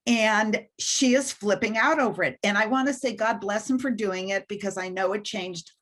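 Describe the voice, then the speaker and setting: A woman's voice: mid-range voice, moderate pace, a bit bright. A woman guest on an interview, telling a personal story with animation and self-deprecating humor. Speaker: guest mentor.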